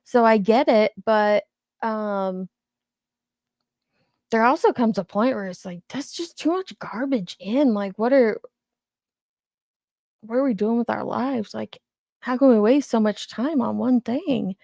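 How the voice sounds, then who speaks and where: A woman's voice: fairly high pitch, a little slow, gravelly, long pauses, darkish tone, dry recording, clean studio sound. A woman in her thirties, hosting a casual livestream and chatting loosely while she reacts to viewer comments. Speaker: commentary channel host.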